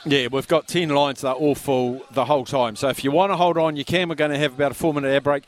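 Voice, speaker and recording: A man's voice: a little high, fairly even intonation, fast talker. An Australian man hosting a live radio call-in sweepstake from a pub, speaking up over the noise. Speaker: radio host.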